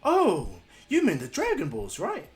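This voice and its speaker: A man voicing a kindly old grandfather who speaks in a gentle, courteous way. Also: sits high, huge pitch swings, measured pace, pitched above the performer's own voice, exaggerated voice.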